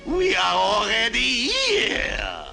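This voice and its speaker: An amorous cartoon skunk who croons in a mock French accent. The voice is gravelly and unhurried and swings wildly up and down. Music sits softly behind it. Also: male voice, very high voice, wildly swooping pitch, voice pushed up, full character voice. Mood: romantic. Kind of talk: archival interview voice demo.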